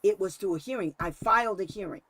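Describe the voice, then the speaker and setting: A man's voice: sits high, fast talker, dry recording. A man hosting a casual talk, telling a story with frequent laughs and acting out the quotes himself. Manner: animated storyteller, laughs often, acts out quotes. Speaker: special education advocate and host.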